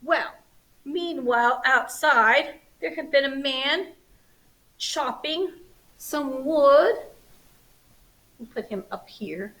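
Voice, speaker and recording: A woman librarian reading a storybook aloud to children, expressive and animated, with playful asides. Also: sits high, rough recording.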